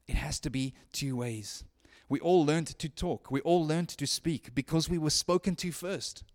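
A man delivers a sermon in an earnest, conversational way, his voice sitting high for a man. He drops to hushed lines and then rises to loud ones, often restarting his phrases as he goes. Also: measured pace. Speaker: preacher.

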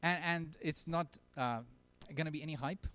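A male pastor preaching a sermon at a church service, earnest, swinging from emphatic lines to very quiet ones. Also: on the high side, moderate pace, smooth.

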